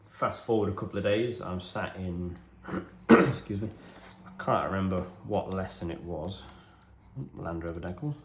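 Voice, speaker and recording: Deep-voiced wry English man. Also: steady tone, a little slow, echoey room, noisy background. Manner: self-deprecating, wry, chatty. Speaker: hobby vlogger. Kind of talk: rambling casual storytelling. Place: home hobby room.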